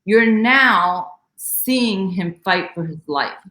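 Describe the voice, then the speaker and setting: A woman speaking as an interview guest, telling a personal story in an animated, emotional way and acting out exclamations. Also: medium pitch, slow. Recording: roomy echo.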